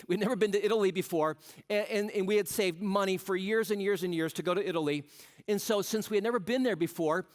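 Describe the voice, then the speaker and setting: High-voiced pastor preaching. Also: male voice. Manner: storytelling, humorous asides, asks the crowd questions. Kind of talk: sermon.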